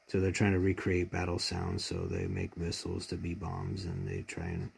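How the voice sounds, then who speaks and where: A man retelling a favorite TV episode in casual fan commentary, heartfelt and rambling, choked up with emotion. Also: a little mellow. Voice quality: deep gravelly husky voice.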